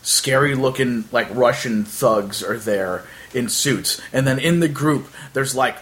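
A man's voice: medium pitch, a little slow, a bit bright. A man casually telling a long anecdote in a chat, rambling with many fillers and acting out the other people in it.

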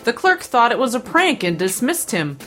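A woman co-hosting a podcast, reading out a comic news segment with a wry, deadpan delivery and punchlines. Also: fairly high pitch, normal speed, faint music behind. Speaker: podcast co-host.

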